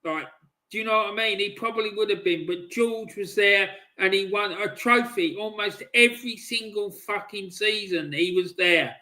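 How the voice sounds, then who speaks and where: Angry guy ranting about football, high bright voice, swearing and yelling. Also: moderate pace. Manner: furious, sweary, shouting bursts. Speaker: football channel host. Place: at home, stepped off camera.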